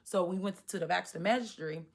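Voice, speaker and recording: A woman in her thirties telling a personal story to the camera, animated and acting out her own past reactions. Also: on the low side, quick pace, creaky. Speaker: vlogger. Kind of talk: storytime monologue.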